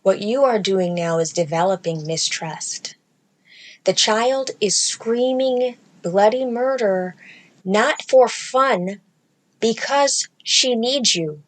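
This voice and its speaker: A woman in her thirties, a podcast co-host talking in casual chat, blunt and profane, with bursts of loud laughter. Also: fairly high pitch, slow pace.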